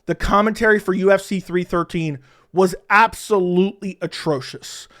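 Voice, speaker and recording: A man's voice: high-pitched, normal speed, a bit bright. A man giving heated, opinionated solo commentary on a fight card, ranting about the broadcasters. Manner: heated, ranting, mocks others in whiny voices. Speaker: MMA commentator.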